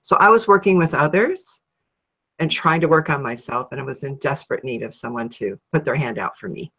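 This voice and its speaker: A middle-aged woman from Ohio, a guest in an interview, telling her story in a lively way and acting out her own thoughts. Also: rumbling low, fairly quick, husky. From Ohio, USA. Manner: animated, acts out her own thoughts in a raised voice.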